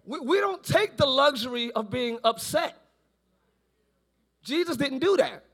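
A pastor preaching a live church sermon, animated and often shouting, with playful asides. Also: male voice, very high voice, unhurried. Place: large church, live service.

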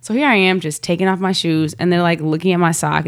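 A woman telling a story in casual chat, animated and slangy, often laughing and acting out what people said. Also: lowish voice, fast. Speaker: guest, model.

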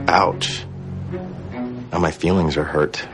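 A cold assassin: very low, slow, dry mockery over a music bed. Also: male voice. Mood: sardonic. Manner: dry, mocking, slow and calm. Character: sarcastic cold male assassin, unbothered.

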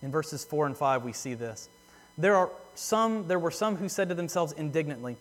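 A man preaching a sermon in earnest, repeating phrases for emphasis and slowing down on key words. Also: on the high side, expressive. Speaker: pastor. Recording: long hall reverb.

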